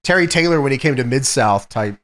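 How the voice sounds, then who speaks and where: A man's voice: mid-range voice, animated, a little fast, fairly bright tone. A man co-hosting a wrestling podcast in casual chat, throwing in blunt, profane jokes. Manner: profane, joking asides, blunt. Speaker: podcast co-host.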